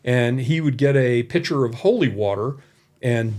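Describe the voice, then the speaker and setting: Male podcast guest with a middle-pitched voice, rambling and folksy as he tells his story, recorded indoors. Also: animated, moderate pace, a little mellow. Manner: rambling and folksy, with many asides. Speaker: college development director, podcast guest. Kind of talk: anecdotal storytelling in a conversation. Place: indoor room.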